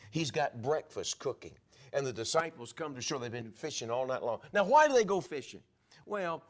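A man preaching to his congregation as their pastor. He tells the story vividly and slips into the voices of the people in it, sometimes dropping to a whisper. His pitch rises and falls in wide, lively swings. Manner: drops to a whisper for asides. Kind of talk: sermon.

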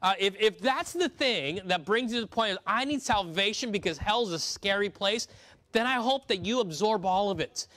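A man's voice: sits high, expressive, moderate pace, pushed and bright, no echo. A man preaching an earnest sermon to his congregation, often restarting and repeating words as he reads scripture aloud. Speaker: pastor.

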